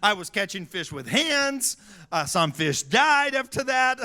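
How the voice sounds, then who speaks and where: Preacher guy in church, high bright voice, gets loud and laughy telling his story. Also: measured pace. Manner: animated, shouts for emphasis, laughs often. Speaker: pastor. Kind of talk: storytelling sermon. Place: church sanctuary.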